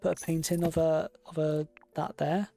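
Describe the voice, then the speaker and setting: A game streamer talking casually to the audience while placing furniture, thinking each choice through aloud. The voice has a noticeable gravelly fry to it, and soft game music plays underneath. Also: mid-range voice, flat delivery, normal speed. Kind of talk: casual gameplay commentary.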